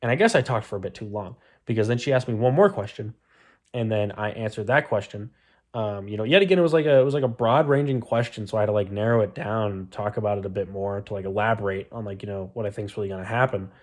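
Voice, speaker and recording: A young man with a fairly low voice tells a story straight to camera in a casual vlog, talking at a quick pace. He rambles, pokes fun at himself and swears freely.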